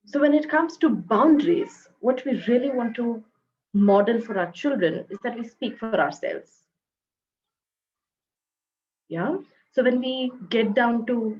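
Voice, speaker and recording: A woman with an Indian English accent giving a parenting talk, speaking gently and modeling the phrases parents can say to their children. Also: fairly high pitch, lively intonation, measured pace, long pauses, highs cut off.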